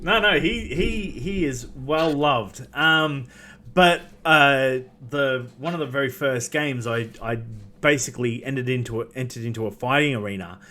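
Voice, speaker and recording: This tabletop game player chats casually in a mid-range, pushed and bright voice at a moderate pace. He rambles, using lots of fillers and restarts, and laughs often.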